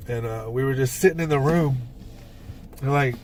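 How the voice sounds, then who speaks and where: A man's voice: medium pitch, moderate pace, a little mellow. A man chats casually on a podcast, wandering through his stories with plenty of "uh" and "like" and the odd curse word. He sits a little back from the microphone, so his voice sounds distant. A faint hiss runs under the whole recording. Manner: rambling storyteller with frequent fillers and swearing. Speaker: podcast co-host and band songwriter. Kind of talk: casual chat.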